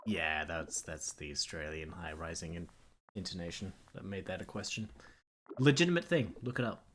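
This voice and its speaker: A man's voice: sits low, moderate pace, a bit bright, slight background noise. A man live-streaming a game, sarcastic and joking, swearing casually and laughing often as he teases the characters.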